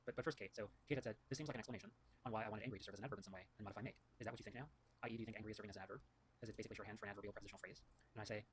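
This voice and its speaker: On his show, a low-voiced male host works through writing feedback, reading emails and quotes out loud. He thinks through grammar in a rambling way, frequently stopping to correct himself mid-sentence, with slight hiss or hum in the background.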